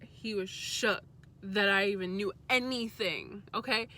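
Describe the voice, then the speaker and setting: Bright-voiced young woman telling a story. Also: medium pitch, measured pace, a little hiss or hum. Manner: chatty, candid, swears freely. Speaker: vlogger. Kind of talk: casual story time.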